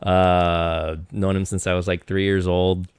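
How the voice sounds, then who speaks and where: A man in his thirties from Eastern Washington tells stories in a rambling, animated way, restarting his sentences often. His voice sits fairly low and sounds smooth and clear. The recording is dry and close. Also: unhurried, dry recording. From Eastern Washington, USA. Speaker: podcast guest. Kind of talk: casual chat.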